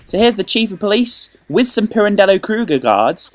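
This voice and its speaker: A man hosting a video game walkthrough, joking and playful, with sudden excited outbursts. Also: high voice, normal speed, hardly any pauses, dry recording. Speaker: let's play host.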